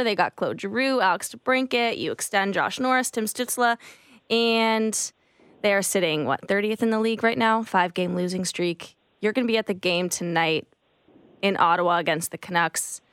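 A woman hosting a sports radio show on a studio microphone, chatty and quick to laugh. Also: mid-range voice, a bit bright, smooth, no room sound.

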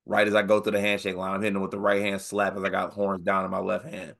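A young man co-hosting a casual sports podcast, animated and joking, mocking coaches with put-on quotes. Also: low-pitched, quick pace, gravelly. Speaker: podcast co-host.

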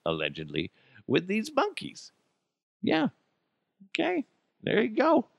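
A man hosts a comedic news podcast in a mocking, profane rant, forever wandering off on tangents. His pitch leaps around wildly as he riffs. The sound is dry and close, with no room around it. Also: vocal fry, a bit bright, dry recording. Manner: tangents and laughter-breaks. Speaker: podcast host.

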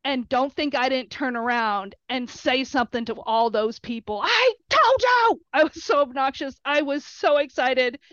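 Animated middle-aged mom telling game stories, kinda high voice, shrieks her quotes, lo-fi dull audio. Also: moderate pace, hardly any pauses, clean tone, no room sound. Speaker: player's mother, guest. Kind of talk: storytelling interview. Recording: dull lo-fi recording.

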